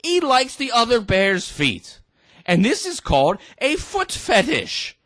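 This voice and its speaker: A man's voice: very high voice, wildly swooping pitch, slow, a bit bright, no room sound, clean studio sound, voice pushed up, exaggerated voice. A tipsy man putting on an accent to voice a prim, condescending woman teacher explaining things to a teddy bear. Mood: patronizing. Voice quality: put-on accent. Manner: sing-song, condescending explaining.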